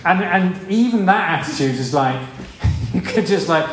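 A man's voice: sits high, animated, a little slow, a crowd in the background. Man preaching in an echoey room. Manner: conversational, rhetorical questions, acts out voices. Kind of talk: sermon. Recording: echoey room with faint ambience.

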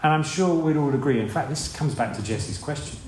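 A man's voice: on the high side, a little fast, a little mellow, slight background noise. A man preaching a sermon in a conversational way, asking rhetorical questions and acting out voices. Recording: echoey room with faint ambience.

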